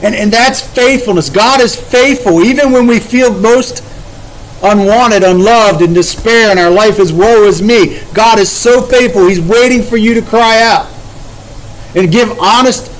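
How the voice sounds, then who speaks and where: A man's voice: sits high, measured pace, low-quality recording. A man leading a casual Bible study, paraphrasing scripture in everyday words with emphatic, conversational delivery.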